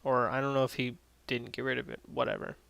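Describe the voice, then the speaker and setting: A man's voice: mid-range voice, fairly even intonation, fast talker, creaky, a bit bright, dry recording, muffled recording. A man casually recapping and reviewing an anime episode, rambling with lots of fillers and swearing freely.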